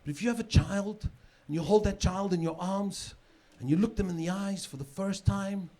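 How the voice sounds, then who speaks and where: A middle-aged man from South Africa doing a stand-up comedy set on stage, chatty and loose, with sudden shouted punchlines. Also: high voice, normal speed. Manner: conversational, with filler repeats and sudden shouted punchlines. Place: comedy stage with a live audience. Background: audience laughter.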